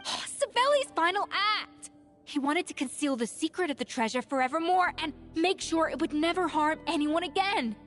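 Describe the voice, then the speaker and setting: A woman voicing a composed companion in a video game, speaking in a calm, earnest and cautioning way. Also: very high voice, normal speed, soft background music.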